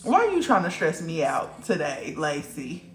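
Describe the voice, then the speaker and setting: A woman's voice: low-pitched, wildly swooping pitch, a little slow, reverberant, faint music behind. A woman hosting a casual livestream, talking bluntly and profanely straight to her viewers in the chat. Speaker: livestream host.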